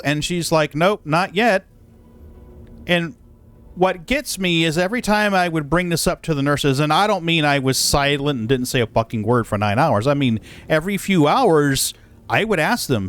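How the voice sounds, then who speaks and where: A man's voice: on the high side, animated, moderate pace, a bit bright, smooth. A man livestreaming casual chat while hauling cargo, telling a story in an exasperated, profane way. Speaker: live streamer. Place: in a moving vehicle.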